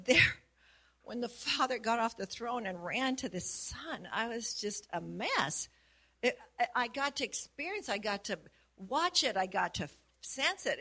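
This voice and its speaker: A woman's voice: on the high side, pushed and bright, husky. A woman who works as a prayer facilitator, sharing her experience casually and earnestly, laughing often as she talks. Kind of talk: casual testimony.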